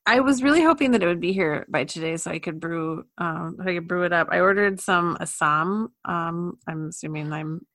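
A woman co-hosting a podcast, chatting casually in a relaxed way and laughing easily. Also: lowish voice, normal speed, hardly any pauses. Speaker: podcast co-host. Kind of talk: casual chat.

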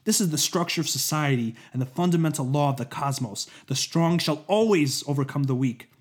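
A man voicing an arrogant older male master inventor in a storybook reading, with a pompous, booming, commanding delivery. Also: a little fast, breathy edge.

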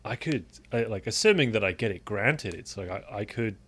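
A young man in casual chat with a friend, relaxed, laughing often and swearing casually. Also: fairly low pitch, a little fast, a little hiss or hum.

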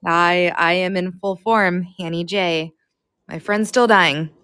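A woman calling in to a live show, chatting casually in a dry, deadpan way. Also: lowish voice, takes it slowly, clear, resonant tone, dry recording. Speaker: caller. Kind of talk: casual chat.

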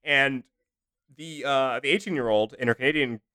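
A young man co-hosting a comedy podcast, chatting casually and jokingly, often jumping into high mock voices. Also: normal speed, clean tone, no room sound, studio quality. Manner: animated, jokey, jumps into high mock voices. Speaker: podcast co-host.

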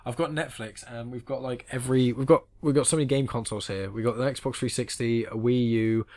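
A man's voice: mid-range voice, steady tone, brisk, darkish tone. A man co-hosting a podcast in casual chat, explaining his reasoning at length and teasing his friend. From England. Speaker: podcast co-host.

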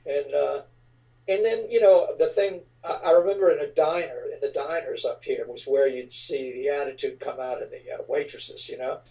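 A middle-aged man from the New Orleans area recalls his band's early days in a relaxed, rambling way, full of fillers. His voice is dark and mellow. He sits a little back from the microphone. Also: medium pitch, moderate pace, vocal fry, recorded from a distance, poor audio. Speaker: rock band frontman, guest. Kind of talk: casual interview storytelling.

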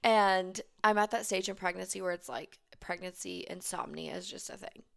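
Brief: woman, 30s, coach hosting her own podcast, gravelly fry, emphatic, casual swearing. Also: on the low side, steady tone, moderate pace. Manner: chatty, emphatic, swears and laughs often. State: thirty-five weeks pregnant, short on sleep. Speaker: business coach and podcast host. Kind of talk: casual solo podcast monologue.

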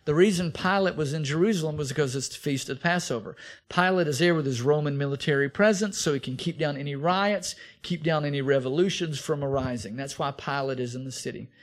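A man's voice: fairly high pitch, fast. A male pastor preaching a verse-by-verse sermon, animatedly acting out the biblical figures in the story. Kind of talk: expository sermon.

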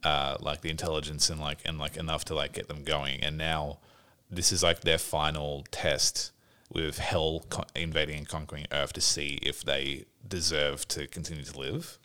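A man's voice: extremely low pitch, flat delivery, moderate pace, bright, forceful tone. A man co-hosting a podcast, talking casually with lots of fillers and swearing. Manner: hesitant, filler-heavy, swears. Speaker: podcast co-host. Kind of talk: casual chat.

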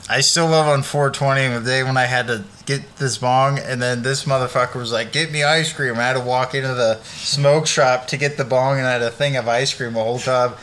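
A man's voice: medium pitch, fairly even intonation, fairly quick, few pauses, a bit bright, a little hiss or hum. A man co-hosting a podcast, telling loose stories in casual chat, stoned and swearing freely. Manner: laid-back, swearing, stoned storytelling. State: high on cannabis. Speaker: podcast co-host.

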